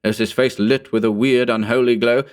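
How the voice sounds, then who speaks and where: A man's voice: mid-range voice, fairly even intonation, clear, resonant tone, voice pushed up, lightly acted. Man doing a reluctant, uneasy male friend. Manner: reluctant, measured.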